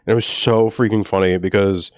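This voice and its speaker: A man's voice: lowish voice, steady tone, a little fast, no echo. Laid-back chatty man, dry close sound. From New Orleans, Louisiana. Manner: chatty, laughs often, loose and rambling. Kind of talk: casual chat.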